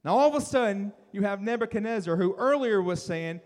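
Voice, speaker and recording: A man's voice: high voice, expressive, fairly quick, few pauses, in a large hall. A man preaching a sermon in a conversational, emphatic way, acting out quotes as he retells the story. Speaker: pastor.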